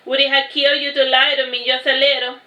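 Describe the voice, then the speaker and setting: A woman's voice: high-pitched, level tone, fast, pushed and bright, muffled recording. A woman voicing a thin, pouting, defiant male mage in a storybook reading, dry and sulky in a roomy echo.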